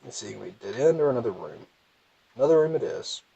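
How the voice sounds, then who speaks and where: A man's voice: medium pitch, sing-song, a little fast, creaky, mellow, slightly rough, no room sound, dull audio. A young man with a thick Southern US accent, rambling and self-deprecating as he comments casually on his gameplay. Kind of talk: casual let's play commentary.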